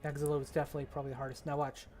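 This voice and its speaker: A man's voice: on the high side, monotone, racing, a little mellow, soft background music. Man muttering while building a game map. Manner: mutters and thinks aloud, trailing off. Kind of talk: casual commentary while working.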